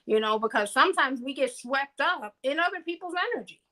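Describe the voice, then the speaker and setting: A woman's voice: sits high, lively intonation, brisk, sharp tone, low-quality recording. A woman co-hosting a podcast in casual reflective chat, earnest and musing, often asking "you know what I mean?" and laughing easily between points. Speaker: podcast co-host.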